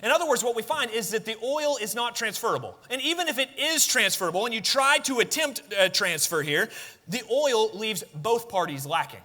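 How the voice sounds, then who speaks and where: A man's voice: high-pitched, bright, forceful tone, big-room sound. A man preaching a sermon, talking conversationally, asking the congregation questions and building to emphatic peaks. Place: church sanctuary.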